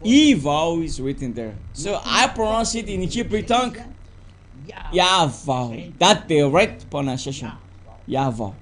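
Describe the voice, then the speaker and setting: A man preaching a teaching sermon in halting English, full of fillers and repeated words. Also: fairly high pitch, big pitch swings.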